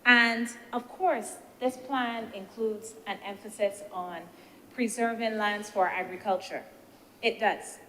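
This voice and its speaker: A woman senator, giving a measured, deliberate speech in a parliamentary debate and posing rhetorical questions. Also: medium pitch, steady tone, a bit bright. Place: senate chamber. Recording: reverberant chamber with faint background noise.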